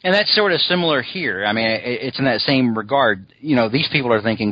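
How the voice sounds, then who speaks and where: A man's voice: medium pitch, sing-song, fast, few pauses, no room sound, lo-fi sound. A man co-hosting a podcast, chatting casually and rambling, with lots of "you know" asides. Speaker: podcast co-host. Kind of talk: casual chat.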